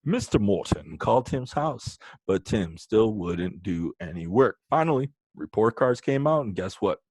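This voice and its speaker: A male teacher with a lowish voice runs a lesson, joking around and talking right to his students. The sound is close and dry, with no room echo. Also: a little slow, breathy edge. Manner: joking, animated, talks to students directly. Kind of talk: playful online lesson.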